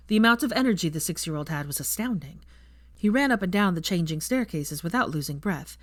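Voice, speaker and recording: A woman narrating a fan fiction audiobook in an expressive storytelling manner. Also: lowish voice, no echo, studio quality.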